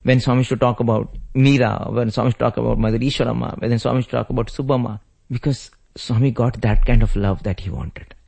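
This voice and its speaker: A man's voice: medium pitch, fairly even intonation, fast talker, vocal fry, hardly any pauses, a little mellow. A man giving a spiritual discourse, retelling sacred stories in a reverent storytelling manner. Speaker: spiritual speaker.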